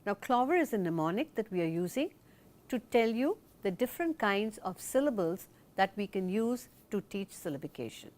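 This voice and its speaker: This woman's voice is medium in pitch, sing-song and slightly mellow as she teaches a recorded lesson. Her delivery is careful and explanatory, and she raises questions for the viewer only to answer them on her own.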